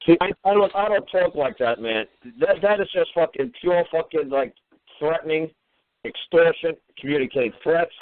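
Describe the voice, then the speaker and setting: A man's voice: fairly high pitch, moderate pace, dry recording. A man hosting a call-in radio show, ranting in an exasperated, profane way. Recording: tinny phone-line radio audio.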